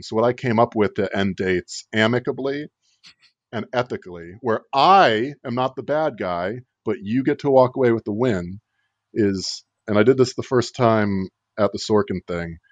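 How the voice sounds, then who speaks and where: A man with a fairly low voice tells a comic story in a loose, rambling way, hedging with filler words and wry asides. The sound is dull and lo-fi, with a dry, close feel. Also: expressive, normal speed, no room sound. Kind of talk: casual comedic storytelling.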